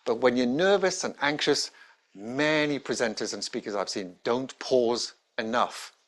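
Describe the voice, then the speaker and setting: A male presentation skills trainer gives an instructional talk to camera in a mid-range, fairly bright voice. His intonation is emphatic and varied, punctuated by deliberate pauses.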